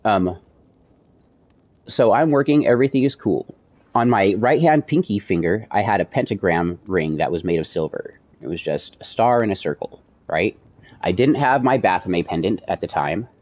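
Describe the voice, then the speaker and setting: Streamer, young man, lowish voice, animated profane storyteller. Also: normal speed, dull audio. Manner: animated, profane retelling with quoted dialogue. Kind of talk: casual storytelling.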